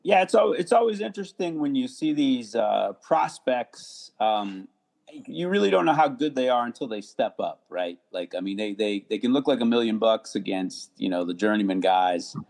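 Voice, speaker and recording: A man talking as a podcast guest, relaxed and casual, with lots of fillers and repeated words. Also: medium pitch, moderate pace, gravelly. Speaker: podcast guest, sports attorney.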